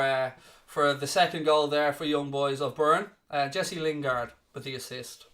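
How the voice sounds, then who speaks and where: A man's voice: a little high, steady tone, measured pace, fairly bright tone. An Irish man with a Dublin-area accent hosting a live football watchalong, teasing viewers in casual chat and rattling off scores like a presenter. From Ireland. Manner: teasing, mock-scolding replies to viewer comments. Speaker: watchalong host.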